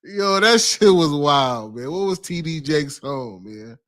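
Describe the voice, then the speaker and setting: A man's voice: fairly high pitch, lively intonation, takes it slowly, a bit bright. A man co-hosting a live sports stream, chatting in a laid-back way and laughing often. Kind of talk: casual sports watch-along chat.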